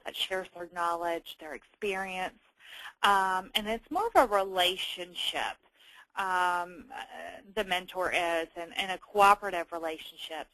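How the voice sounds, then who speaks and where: Bright-voiced woman presenting a webinar. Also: medium pitch, dry recording, poor audio. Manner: frequent ums and restarts.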